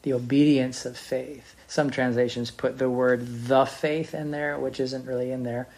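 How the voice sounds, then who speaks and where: A man teaching on faith, speaking in an unscripted, reflective way with pauses and restarts. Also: medium pitch, little pitch movement, a little mellow. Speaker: Bible teacher.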